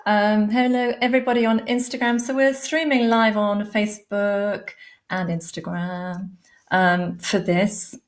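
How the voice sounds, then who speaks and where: Slow-talking, effusive English woman live-streaming. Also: medium pitch, fairly even intonation. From England. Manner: warm, effusive, calls viewers darling and lovely; many fillers, unhurried. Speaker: livestream host, animal communicator. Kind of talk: live-stream greeting viewers. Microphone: laptop mic on a live stream.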